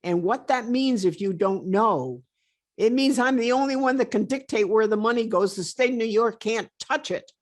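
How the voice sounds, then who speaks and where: A woman's voice: on the high side, moderate pace. A woman in her eighties, a retired stockbroker, telling stories bluntly and emphatically as a guest on a video call. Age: 80s. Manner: blunt, emphatic, plain-spoken. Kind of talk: storytelling interview.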